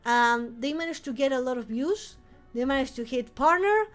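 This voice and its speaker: High-pitched woman w rambling on stream, lots of restarts n laughs. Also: lively intonation, normal speed, faint music behind. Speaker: vampire-themed streamer. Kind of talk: casual live-stream chat.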